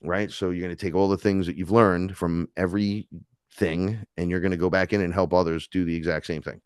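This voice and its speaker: NY male guest, low-pitched, lively storyteller, dry mic. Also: brisk, smooth, dry recording. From New York City. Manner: animated storyteller acting out quoted voices. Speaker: podcast guest, neo-shaman. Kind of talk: casual chat.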